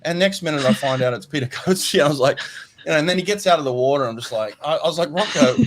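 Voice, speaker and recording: A man's voice: a little high, quick pace. A man hosting a casual swimming podcast, rambling and repeating himself. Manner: rambling, repeats words, says "mate" often. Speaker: podcast host. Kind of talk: casual chat.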